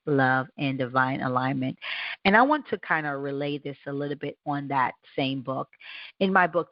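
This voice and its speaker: A woman with a low voice hosts a radio show and gives a warm, encouraging faith talk. She speaks earnestly in a loose, conversational way and often restarts her sentences. The sound is dry and a little dull. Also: dry recording.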